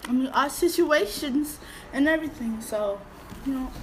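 Woman, high and bright, blunt slangy reaction commentator, a touch of background hiss. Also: normal speed, poor audio. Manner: exasperated, blunt, slangy, repeats herself. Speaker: video reactor.

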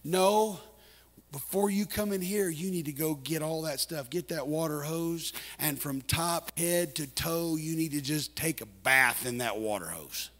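A guest preacher in a church, delivering a sermon in a rhythmic cadence that puts a quick "uh" before each phrase and lifts into sing-song, shouted lines. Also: male voice, a little high. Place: church sanctuary.

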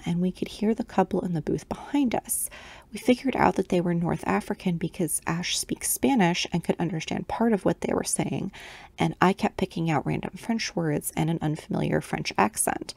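A woman's voice: on the low side, vocal fry, a little mellow. A middle-aged woman talking in an earnest, explanatory way while knitting, in a casual personal video. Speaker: knitting vlogger.

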